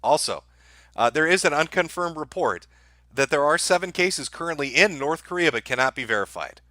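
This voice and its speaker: A man's voice: a little high, animated, brisk, no echo, clean studio sound. A man hosting a livestream, giving profane, darkly joking commentary to his chat. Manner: sardonic, profane, dark-humored. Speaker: livestream host.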